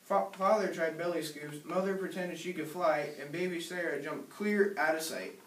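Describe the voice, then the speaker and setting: A man reads a children's picture book aloud, gentle and storytelling, his voice a touch high for a man. The sound is roomy, with the mic some distance from him. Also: normal speed, a little hiss or hum. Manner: gentle storytelling, small slips. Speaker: reader. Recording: echoey room, distant mic.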